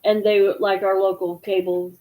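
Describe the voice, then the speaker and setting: A woman co-hosting a casual chat, talking in a hesitant, halting way. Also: mid-range voice, level tone, mellow, rough recording.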